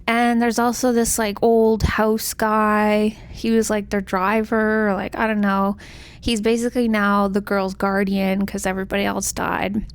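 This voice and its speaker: A woman's voice: medium pitch, little pitch movement, unhurried, smooth. A young woman casually recapping a novel's plot, chatty and full of "like", acting out the characters' lines. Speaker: book vlogger.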